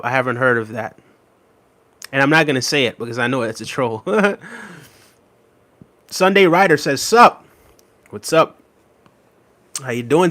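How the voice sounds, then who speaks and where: A man's voice: medium pitch, fairly bright tone. A man with an ordinary mid-range voice hosts a livestream. He chats casually with viewers, reading their comments aloud, repeating phrases and laughing often. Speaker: livestream host.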